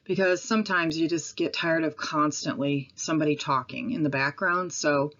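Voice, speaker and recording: A woman with a Midwestern accent talks casually into her camera at home. Her voice sits low, and she rambles a little, with pauses and apologies. The recording is dull and lo-fi. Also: steady tone, fairly bright tone. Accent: Midwestern American. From Midwestern United States. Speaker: vlogger.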